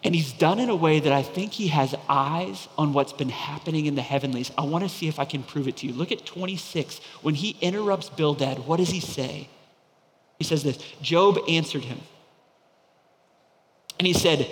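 A man's voice: on the high side, moderate pace. Fervent male preacher in a reverberant hall. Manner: dramatic, swings from loud proclaiming to hushed near-whispers. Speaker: pastor. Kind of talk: sermon.

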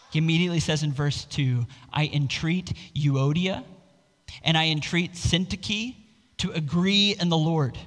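A man preaching a sermon as pastor, earnest and expressive, stressing scripture lines with feeling. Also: a little high, in a large hall, rough recording.

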